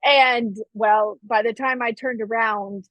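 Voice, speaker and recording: A woman's voice: fairly high pitch, fairly even intonation, takes it slowly, fairly bright tone, dry recording, rough recording. A woman co-hosting a fitness podcast in a casual chat, teasing and asking pointed questions. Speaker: podcast co-host.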